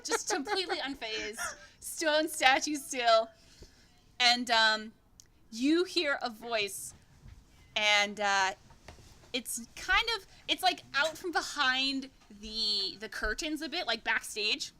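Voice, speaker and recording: Bright high-voiced woman game master. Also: lively intonation, takes it slowly, a little hiss or hum. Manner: rambling, swears freely, laughs often. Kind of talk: narrating a tabletop game.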